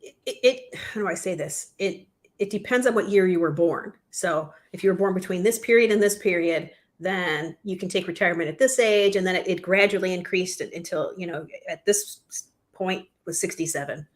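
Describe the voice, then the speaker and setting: Casual woman co-host talking current events. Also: on the low side. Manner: conversational, earnest, quick to laugh. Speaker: podcast co-host. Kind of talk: casual discussion.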